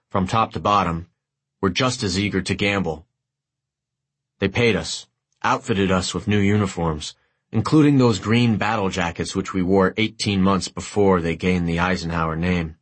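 A man reading a war memoir aloud as an audiobook narrator, in a measured, literary and wry way. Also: sits low, fairly bright tone, husky.

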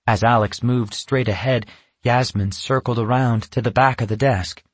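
A man narrating a children's storybook in a steady, even reading voice. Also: medium pitch, moderate pace, breathy edge, no echo.

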